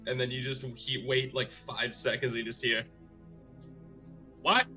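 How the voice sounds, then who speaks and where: Man, tabletop player, bright tense voice, casual, faint music. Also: mid-range voice, level tone, moderate pace. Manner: casual, many "like" fillers. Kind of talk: tabletop role-play.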